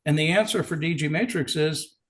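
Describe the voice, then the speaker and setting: A man who is a company executive, a guest on a business podcast telling a story in casual chat, relaxed, with small restarts. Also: on the high side, brisk.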